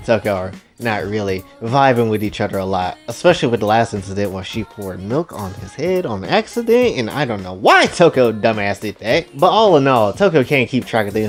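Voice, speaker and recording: A man rambling through a crude comedic retelling, talking straight to his viewers with excitable asides. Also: lowish voice, moderate pace, hardly any pauses, soft background music. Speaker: storyteller, channel host.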